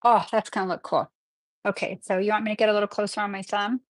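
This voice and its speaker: A woman hosting a live nail tutorial in a chatty, excitable way, often apologizing as she works. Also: mid-range voice, fast, dry recording. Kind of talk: casual live-stream tutorial.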